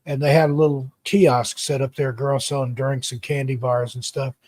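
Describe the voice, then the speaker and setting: This American man is a guest author and YouTuber who tells meandering travel tales in a relaxed chat, frequently tripping over his opening words. He speaks at normal speed in a medium, fairly flat pitch with a darkish tone, captured without echo.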